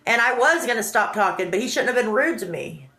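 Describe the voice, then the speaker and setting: A woman telling a personal story in an animated, indignant way, acting out the dialogue. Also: a little high, a little fast. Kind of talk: emotional storytelling. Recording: roomy echo.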